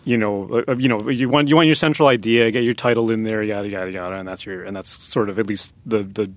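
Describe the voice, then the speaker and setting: A man's voice: lowish voice, steady tone, fast talker, dry recording. A male panelist in a studio, asking probing questions about songwriting. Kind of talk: casual studio discussion.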